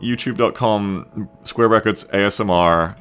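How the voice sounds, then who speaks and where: With soft music in the background, a man with a fairly low, clean-toned voice speaks unhurriedly while coding a game mod on a live stream. Casual and self-mocking, he swears freely and reads viewers' comments aloud.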